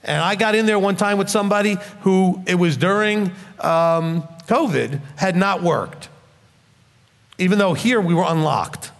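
A man's voice: high voice, a little slow, gravelly, big-room sound. A man in his fifties preaching a sermon in a blunt, emphatic, scolding manner. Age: 50s.

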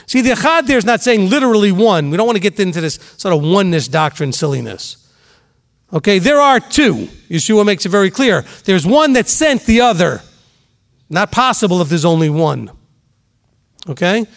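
A man's voice: high-pitched, very animated, moderate pace, vocal fry. A man teaching scripture, reading verses aloud and pressing his points with emphatic rhetorical questions. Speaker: Bible teacher.

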